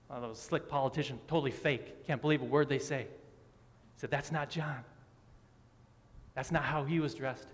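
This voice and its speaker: Emphatic pastor preaching in a reverberant hall. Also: male voice, fairly high pitch, moderate pace, fairly bright tone. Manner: emphatic, rhetorical questions, repeats phrases. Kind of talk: sermon. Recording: long reverb of a large hall.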